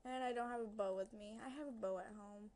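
A woman's voice: fairly high pitch, fairly even intonation, quick pace, a little mellow. Nervous young woman narrating her gameplay. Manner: nervous, chatty, talks to the game's creatures and to viewers. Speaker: gaming video creator. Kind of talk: casual gameplay commentary. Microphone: headset.

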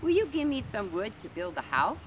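A woman voicing a small, polite male piglet in a storybook reading, with a squeaky, piping voice. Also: big pitch swings, a little fast, noisy background, lightly acted.

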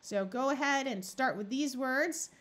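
A woman tutor teaching a phonics lesson, explaining slowly and sounding out words syllable by syllable. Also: sits high, fairly bright tone. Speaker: reading tutor.

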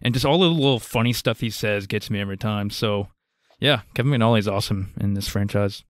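Smooth-voiced man discussing movies. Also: on the low side, brisk, no echo, clean studio sound. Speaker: podcast co-host.

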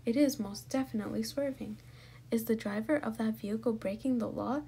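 A woman's voice: fairly high pitch, brisk, dark tone, a little hiss or hum, lightly acted. A woman voicing an officious, by-the-book male police officer who talks in a formal, official way. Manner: formal, self-questioning, official.

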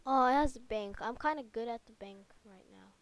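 A woman giving chatty, excitable commentary while playing a computer game at a desk microphone. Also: a little high, a little fast, low-quality recording. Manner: excitable, chatty, easily startled. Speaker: let's play host. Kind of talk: casual gameplay commentary.

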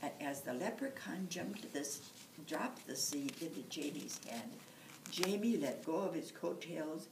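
A woman storyteller reads a folktale aloud at a slow, unhurried pace. Her pitch moves in a lively way as she tells it. The recording is distant and echoey, with faint room noise behind. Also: vocal fry. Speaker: library storyteller. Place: library room.

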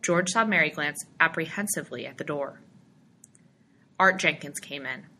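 A woman narrates a story in a steady, expressive audiobook reading. Her voice is bright and sits on the low side. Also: normal speed, a little hiss or hum.

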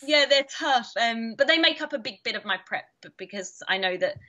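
A British woman in her thirties, a karate champion, chatting in an interview and telling animated stories with frequent laughter. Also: fairly high pitch, fairly quick, highs cut off. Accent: British English. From Britain. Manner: animated storyteller, laughing often, acting out quotes. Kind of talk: casual interview chat.

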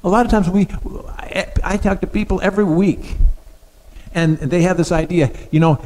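A man's voice: sits high, moderate pace, darkish tone, long reverb tail, rough recording. A male pastor preaching a sermon in a conversational way, putting questions to the congregation.

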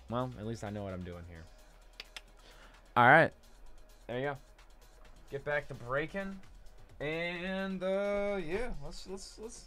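A young man calls out names and rips open boxes in a chatty, self-mocking way. His voice swings up and down in a lively, animated way. Soft music plays faintly behind him. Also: medium pitch, smooth. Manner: chatty, self-deprecating, jokey asides. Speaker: card break host. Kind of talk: live card break commentary.

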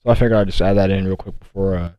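Young man, low voice, mellow, profane rambling storyteller, dry headset mic. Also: steady tone, racing, clear, resonant tone, no room sound, low-quality recording. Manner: rambling, profane, restarts and asides. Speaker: vlogger. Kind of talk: casual storytelling. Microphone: console headset mic.

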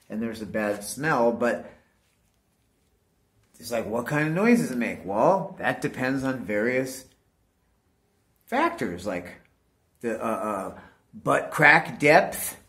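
Male vlogger, loose rambling talk to camera, heavy swearing, keeps saying "dude", mid-pitched voice. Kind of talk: casual rambling monologue to camera.

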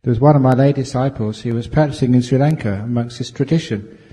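A meditation teacher with a quick, mellow, mid-range male voice gives a humorous dharma talk, fielding questions with jokes and chuckles. His storytelling is playful and jokey. The recording carries the long reverb of a large hall.

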